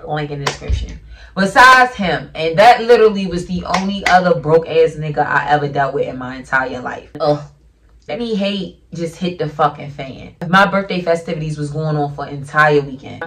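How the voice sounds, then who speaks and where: A woman's voice: lowish voice, fairly bright tone, distant mic. A young woman vlogger telling a casual storytime in a brash, profane, emphatic way.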